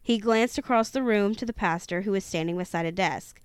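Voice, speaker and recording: A woman reading a haunted-house book aloud in a steady storytelling manner, now and then tripping over a word and correcting herself. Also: mid-range voice, fairly quick, clear, resonant tone, no echo, clean studio sound. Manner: steady storytelling with occasional stumbles and self-corrections. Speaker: reader of a true-haunting book.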